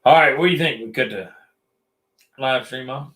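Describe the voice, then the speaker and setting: A man's voice: medium pitch, normal speed, a bit bright. A man co-hosting a casual late-night livestream, joking and drawling in Southern style. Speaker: livestream co-host. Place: metal shop.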